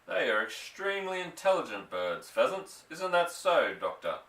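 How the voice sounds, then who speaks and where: Guy doing a calm sly father, soft dry irony, lively pitch, mic kinda far. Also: moderate pace, echoey room, heavily acted. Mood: wry. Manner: soft, dry, gently ironic. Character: calm, mischievous country father.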